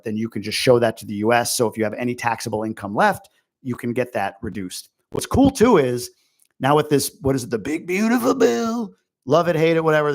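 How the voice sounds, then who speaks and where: A man hosting a casual livestream question-and-answer session. He rambles in a chatty way, piling on fillers and side comments. His voice sits at an ordinary male pitch. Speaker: host.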